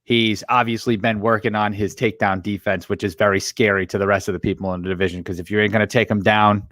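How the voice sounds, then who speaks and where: Male co-host, chatty and relaxed, dry close-miked read. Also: lowish voice, fast talker, no echo. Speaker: podcast co-host. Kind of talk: casual chat.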